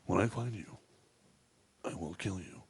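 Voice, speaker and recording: A man putting on the voice of a menacing movie killer, speaking low and hushed. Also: measured pace, vocal fry, a little hiss or hum.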